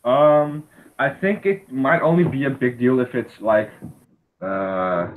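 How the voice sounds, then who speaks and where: A man's voice: medium pitch, slow pace. A man chatting casually on a live stream, hesitating with many fillers and restarts. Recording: slightly dull audio with faint noise.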